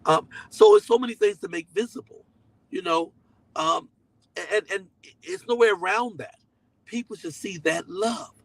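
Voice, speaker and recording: A man's voice: high voice, normal speed, gravelly, no echo, low-quality recording. Earnest middle-aged preacher man, dry sound. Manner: conversational and emphatic, repeating key phrases; slips into voices when quoting people. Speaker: pastor. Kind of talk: sermon-style teaching to a live online audience.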